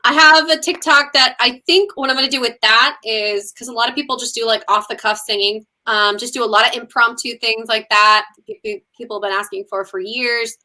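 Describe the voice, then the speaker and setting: A woman's voice: a little high, fairly even intonation, fairly quick, hardly any pauses, bright, forceful tone. A woman who is a musician, chatting casually as an interview guest, with lots of ums and likes. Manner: chatty, many ums and likes, laughs often.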